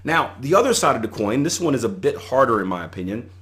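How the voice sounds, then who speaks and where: A man's voice: mid-range voice, sing-song, quick pace, fairly bright tone. A middle-aged man hosting a solo podcast, giving conversational coaching advice and retelling anecdotes with animation. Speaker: podcast host and trading coach.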